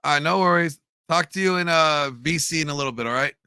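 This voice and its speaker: A man's voice: on the high side, background noise. A man hosting a live stream, chatting loosely with plenty of fillers and restarts. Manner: loose, halting, many fillers. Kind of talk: casual chat.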